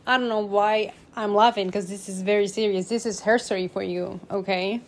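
A woman's voice: mid-range voice, fairly even intonation, moderate pace. A woman telling a made-up history in a mock-serious, dramatic way, now and then laughing at herself.

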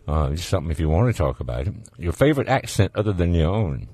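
A man's voice: deep voice, sing-song, fast, a little mellow, breathy edge, no echo. A man with a Southern US accent hosting a call-in radio show, folksy and joking in a casual studio chat. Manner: folksy, joking, laughs easily. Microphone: studio microphone.

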